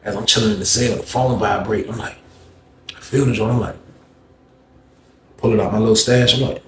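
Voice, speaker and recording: A man's voice: lowish voice, a little fast. A man casually telling a story in street slang, acting out the voices and cursing often. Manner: animated, acts out voices, heavy cursing. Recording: echoey room, faint noise.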